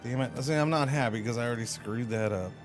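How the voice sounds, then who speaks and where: A man's voice: mid-range voice, fast, faint music behind. Chatty male game streamer. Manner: chatty, rambling, playful exclamations. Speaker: livestreamer. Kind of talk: casual gaming commentary.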